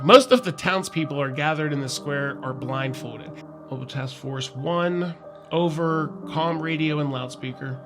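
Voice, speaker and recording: A man's voice: on the high side, expressive, unhurried, over music. A man co-hosting a podcast, reading a horror file aloud in a casual, chatty way. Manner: casual, swears, laughs between read passages. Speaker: podcast co-host.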